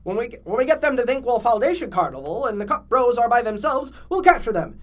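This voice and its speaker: A man's voice: very high voice, sing-song, fast, a bit bright, voice pushed up, heavily acted. A man voicing an eager, loyal male henchman, a walking die, in a slightly raised sidekick voice as part of a comic reading.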